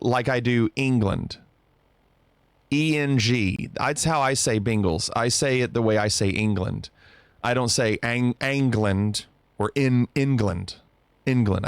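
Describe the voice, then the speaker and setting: A male streamer chats playfully with his viewers at an unhurried pace. His voice sits at an ordinary pitch. The sound is close and dry. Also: no echo. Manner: playful, bantering about pronunciation. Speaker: live streamer. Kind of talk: casual chat with stream viewers.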